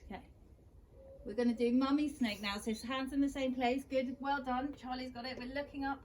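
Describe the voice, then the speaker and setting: A young woman, gently guiding children through a yoga class with steady encouragement. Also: high-pitched, a little fast, slight background noise. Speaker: kids yoga teacher.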